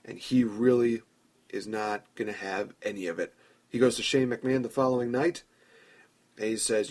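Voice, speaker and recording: A man's voice: lowish voice, fairly even intonation, normal speed, darkish tone. A man hosting a podcast, telling a long story in a chatty way and acting out imagined dialogue. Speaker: podcast host. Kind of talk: casual fantasy-booking commentary.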